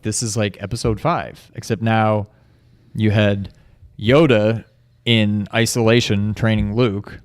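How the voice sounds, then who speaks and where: A man's voice: fairly low pitch, a little mellow, no room sound, clean studio sound. A man co-hosting a podcast, musing in an easygoing, reflective way in casual chat. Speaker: video game podcast co-host.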